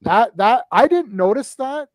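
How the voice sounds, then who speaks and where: A man on a casual live-stream film chat, excitedly retelling scenes in quick bursts, restarting often and tagging on "right?". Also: extremely high pitch, no echo. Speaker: movie discussion panelist.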